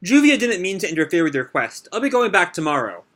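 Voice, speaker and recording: A man's voice: high voice, sing-song, quick pace, fairly bright tone, a little hiss or hum. A man voicing an anxious, devoted young woman from a manga, reading her lines in a flustered, panicky way. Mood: polite. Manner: flustered, panicky, rising lilt.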